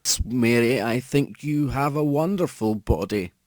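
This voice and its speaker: A man's voice: medium pitch, expressive, normal speed, warm tone, no echo, close to an everyday voice. A man reading a horror audiobook, voicing a nervous young priest who speaks hesitantly and stumbles over his words. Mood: flustered. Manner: hesitant, stammering.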